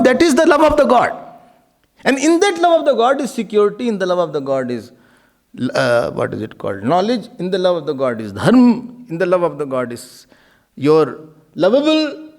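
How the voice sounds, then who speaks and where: An Indian man giving a devotional talk as a swami, animated and laughing often, mixing in Hindi words. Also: very high voice, normal speed.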